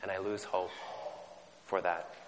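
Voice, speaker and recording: Conversational preacher in a reverberant hall. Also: male voice, low-pitched, flat delivery, a little slow. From Canada. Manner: conversational, self-deprecating, with frequent restarts. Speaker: pastor. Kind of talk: sermon.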